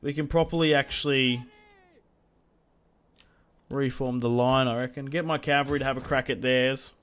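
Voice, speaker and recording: A man's voice: mid-range voice, fairly even intonation, moderate pace, fairly bright tone, clear, resonant tone. A young man giving casual gameplay commentary, chatting and muttering orders to his troops as he plays. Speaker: gaming video creator.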